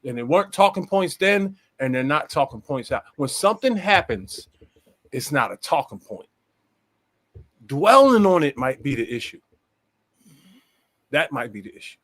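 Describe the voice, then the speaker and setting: An older man from Philadelphia argues in a heated casual debate. He talks bluntly, with emphatic profanity. His slightly high voice moves up and down a lot. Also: very animated, moderate pace, long pauses, a bit bright. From Philadelphia, USA.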